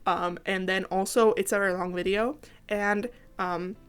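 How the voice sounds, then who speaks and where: A woman's voice: medium pitch, steady tone, normal speed, clean tone, soft background music. A tired, sick teenage girl from Finland, rambling and giggling through a casual game voiceover and apologizing often. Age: late teens. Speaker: gaming YouTuber.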